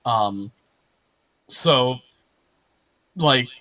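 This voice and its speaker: Bright-voiced man running a tabletop game. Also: medium pitch, animated, extremely slow, no echo, low-quality recording. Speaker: game master. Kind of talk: casual post-session chat.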